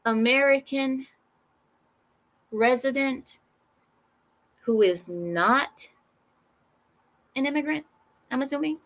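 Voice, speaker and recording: Slow, sarcastic woman commentator. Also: fairly high pitch. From Arab heritage. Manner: sarcastic, animated, rambling with many restarts. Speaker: commentary channel host. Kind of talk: casual news commentary.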